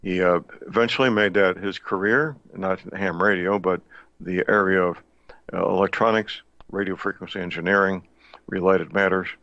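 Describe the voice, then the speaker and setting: A man hosting a radio talk show in a folksy, deliberate way, with frequent pauses and fillers. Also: deep voice, fairly even intonation, sharp tone, dry recording. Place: home studio in the Missouri Ozarks. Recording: dull lo-fi dry studio sound.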